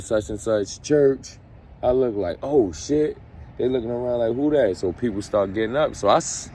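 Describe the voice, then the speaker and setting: Low-voiced man telling a profane story. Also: darkish tone, a little hiss or hum. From Baltimore. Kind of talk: casual storytime.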